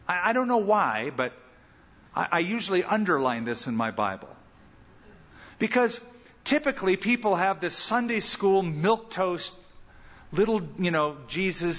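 A male pastor preaching a sermon with lively delivery, acting out the lines he quotes. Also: high-pitched, moderate pace. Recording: muffled sound with long hall reverb.

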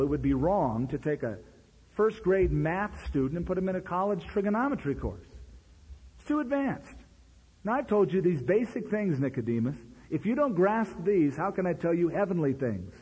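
Husky, animated preacher man. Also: moderate pace. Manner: animated, conversational preaching with sudden pitch jumps. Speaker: pastor. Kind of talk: sermon. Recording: long hall reverb.

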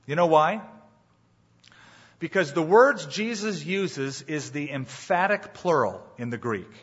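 Pastor preaching: emphatic man, slightly husky voice, muffled live church recording. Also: on the high side, expressive, takes it slowly, fairly bright tone. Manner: emphatic, rhetorical questions to the congregation. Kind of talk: sermon.

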